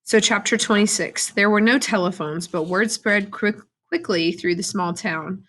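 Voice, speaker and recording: A woman teacher reading a novel aloud to her students at a steady, plain pace, with brief asides to the class. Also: mid-range voice, moderate pace.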